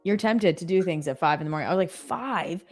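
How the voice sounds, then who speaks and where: Casting: woman in her 30s, trading co-host, lowish voice, chatty, self-mocking, faint music under. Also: racing, darkish tone. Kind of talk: casual live trading chat.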